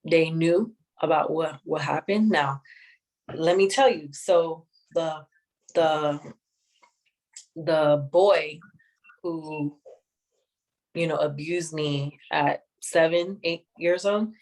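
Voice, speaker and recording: A woman sharing a personal testimony in an interview, speaking in a measured, reflective way with many pauses. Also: low-pitched, steady tone, a little mellow, rough recording. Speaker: guest sharing her testimony.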